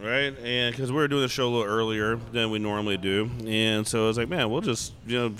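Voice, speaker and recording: Bright-voiced, easygoing male podcast host. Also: medium pitch, fairly quick, slight background noise. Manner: relaxed, conversational. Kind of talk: casual chat.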